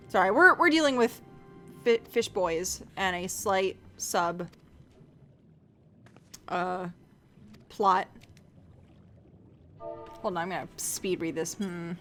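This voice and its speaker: A woman's voice: fairly low pitch, slow pace, long pauses. Profane, rambling woman streamer over game music. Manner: rambling, profane, animated, acts out quoted voices. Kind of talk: casual live-stream chat while playing. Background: faint game music.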